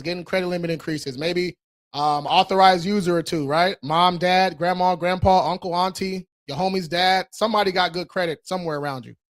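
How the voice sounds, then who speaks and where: A man with a fairly high voice hosts a casual live-stream Q&A about credit. He talks loose and slangy, swears freely and laughs often, and he keeps firing off quick rallying calls to his viewers. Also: fairly bright tone. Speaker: credit repair host.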